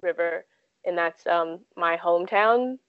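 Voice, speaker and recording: This twenty-something woman is a guest in a casual interview, telling stories in a chatty way peppered with "like" and "um." Her voice sits on the low side and moves a little slowly. The recording is dry and muffled.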